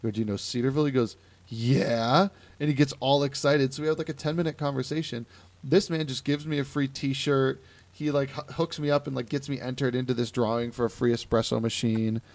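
A man's voice: mid-range voice, a little fast, no room sound. A young man from Ohio hosting a podcast, telling stories in a casual chat and acting out the people he quotes. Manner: animated storytelling with quoted voices. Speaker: podcast host.

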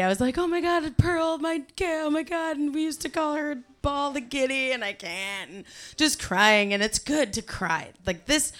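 A woman's voice: on the high side, fairly bright tone. A woman from Ohio with a Cleveland accent giving a profane, comic storytelling speech on stage, acting out voices from her past. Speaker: speaker on stage.

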